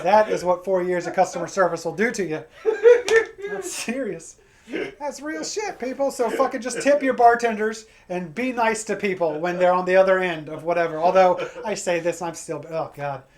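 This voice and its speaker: An American man doing a stand-up set, telling a profane, ranting story and acting out his angry phone calls. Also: high voice. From United States. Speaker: stand-up comedian.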